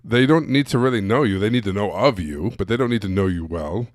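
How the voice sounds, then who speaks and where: Teaching other coaches on a live stream, this sales coach talks briskly in a lowish voice, bluntly and directly. He poses rhetorical questions and keeps restating his points, captured in studio quality with no echo.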